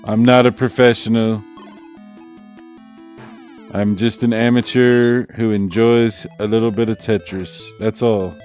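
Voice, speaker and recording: A man's voice: on the low side, flat delivery, measured pace, long pauses, darkish tone. A middle-aged man streaming a game in casual chat, laid-back and chuckling at himself. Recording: faint game music behind.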